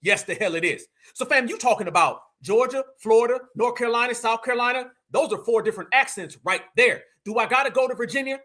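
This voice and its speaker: A man's voice: very high-pitched, fast, few pauses, pushed and bright. A young man with a Southern US accent, giving brash, mocking reaction commentary full of profanity.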